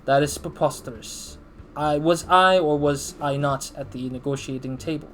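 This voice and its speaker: A man's voice: a little high, steady tone, moderate pace, slight background noise, lightly acted. A man voicing a blustering male CEO in a put-on country accent, sounding indignant and defensive.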